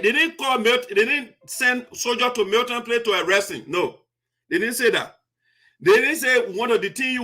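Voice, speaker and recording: A man hosting a diaspora talk show, reading out constitutional articles and stressing key words slowly. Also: extremely high pitch, sharp tone. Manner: emphatic, slows to stress key words, repeats phrases.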